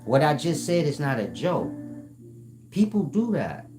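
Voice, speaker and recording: A man telling comic stories to his chat in a slangy, animated way, laughing often and slipping into quoted voices. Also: fairly high pitch, a little slow. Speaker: streamer talking to his chat. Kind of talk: casual comic storytelling. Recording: roomy sound with music behind.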